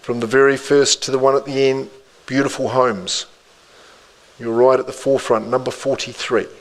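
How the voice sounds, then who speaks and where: A man's voice: medium pitch, little pitch movement, poor audio. New man calling a live auction. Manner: rhythmic patter repeating bid figures with quick asides. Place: indoor auction room.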